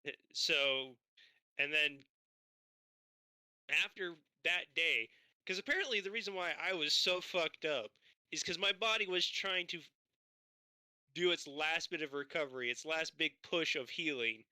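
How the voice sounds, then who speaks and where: A man telling a story in casual chat on a livestream, animated and swearing, acting out both sides of a conversation. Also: fairly high pitch, unhurried, pauses often, smooth, dry recording.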